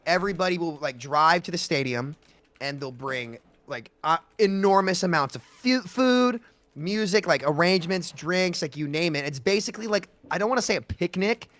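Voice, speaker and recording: A man's voice: high-pitched, moderate pace, no room sound. A young American man co-hosting a casual podcast on a voice call, telling stories full of "like" and restarts. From United States. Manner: animated storyteller, lots of fillers. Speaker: podcast co-host. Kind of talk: casual chat.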